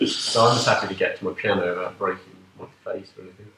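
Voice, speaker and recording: A man's voice: deep voice, fairly even intonation, fast, pushed and bright, slight background noise. A man who plays piano in a band, telling dry, wry stories in casual chat. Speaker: band member, pianist. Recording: echoey room, distant mic, chatter behind.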